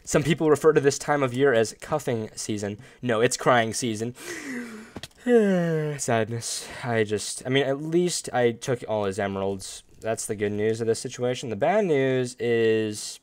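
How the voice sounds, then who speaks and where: A man's voice: medium pitch, normal speed, hardly any pauses. Upbeat man giving casual gameplay commentary. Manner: upbeat, chatty, jumps to loud outbursts and playful groans. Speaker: gaming video host.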